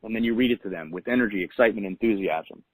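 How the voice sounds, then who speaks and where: A man's voice: fairly low pitch, very fast, no room sound, rough recording. A man hosting a weekly call, giving motivational coaching in an earnest way and repeating key phrases for emphasis. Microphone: phone call.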